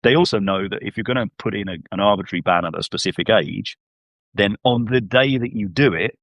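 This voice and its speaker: A man's voice: on the low side, a little fast, fairly bright tone, no room sound, lo-fi sound. A man hosting a podcast over a video call, talking casually and reasoning aloud with rhetorical questions. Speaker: podcast host. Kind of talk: casual conversational discussion.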